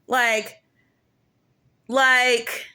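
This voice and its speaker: A woman's voice: on the high side, little pitch movement, extremely slow, bright, forceful tone, clean tone. A woman giving a casual commentary rant on her own channel, emphatic and slangy, repeating phrases for effect.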